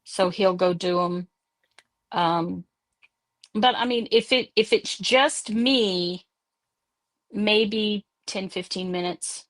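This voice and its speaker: A woman's voice: medium pitch, a bit bright. A woman host rambling casually about her crafts and home life on a video call. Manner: rambling, unhurried storytelling. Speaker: podcast host. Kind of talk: casual chat.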